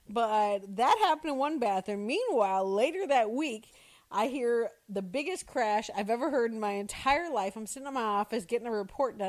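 A woman who works as a school social worker, telling stories in a casual, animated way, laughing and acting out the kids' shouts. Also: fairly high pitch. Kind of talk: casual storytelling.

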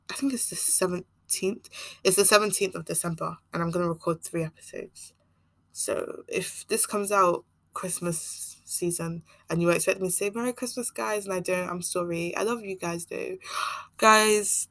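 A young woman with a mixed Nigerian and American accent chats loosely through her own podcast, wandering from thought to thought. Her voice sits fairly low with a gravelly fry, and the sound is close and dry with no room around it. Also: fairly bright tone, no echo. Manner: rambling, chatty, laughs often. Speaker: podcast host. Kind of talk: casual solo podcast chat.

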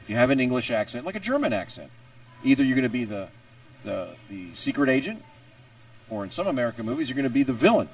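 A man's voice: mid-range voice, sing-song, fast, distant mic. A man in a casual chat, laying out his opinions in a lecturing way.

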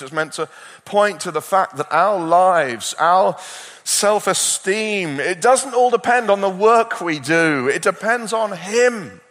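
A male preacher with a fairly high voice, animated and expressive, rising to urgent peaks and dropping to hushed lows. His words ring out with a long reverb from a large hall. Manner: animated, swings from loud urgency to quiet intensity. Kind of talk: sermon.

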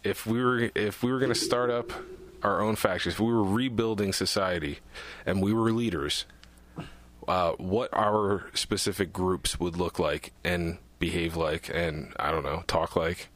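A man's voice: deep voice, steady tone, a little slow, fairly bright tone, dry recording. A man co-hosting a podcast in casual chat, joking and laughing often, recorded in a small shed. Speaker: podcast co-host.

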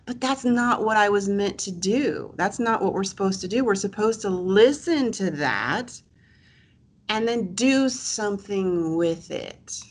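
A woman who is a podcast guest, with a very lively, melodic voice. She speaks earnestly and repeats her points for emphasis. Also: medium pitch, a little slow. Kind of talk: casual chat.

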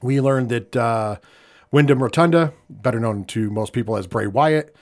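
A man's voice: mid-range voice, moderate pace. An American man hosting a wrestling podcast in casual chat, talking loosely with lots of fillers. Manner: conversational, many fillers, drops quiet when somber. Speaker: podcast host.

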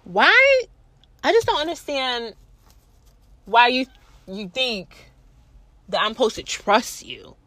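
A young woman tells a storytime rant with a bright, sharp tone, sarcastic and profane. Her voice is a little high and swings widely from line to line. The sound is dry and close. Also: lively intonation, takes it slowly, pauses often, no room sound. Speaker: vlogger.

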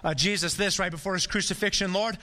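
A man's voice: a little high, normal speed, sharp tone, big-room sound. A man preaching a sermon in a conversational way, acting out the quotes he reads. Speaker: pastor.

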